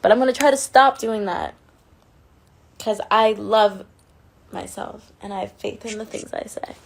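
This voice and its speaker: A woman's voice: mid-range voice, measured pace, vocal fry, a little hiss or hum. A woman chatting casually on a phone livestream, reading and answering fan comments in an affectionate way and swearing now and then.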